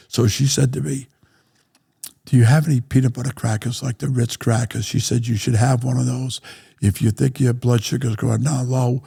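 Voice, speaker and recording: Gravelly older man telling blunt stories. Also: medium pitch, moderate pace. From Rhode Island, USA. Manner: blunt and profane, with lots of "right?" and laughter. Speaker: guest. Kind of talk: casual storytelling.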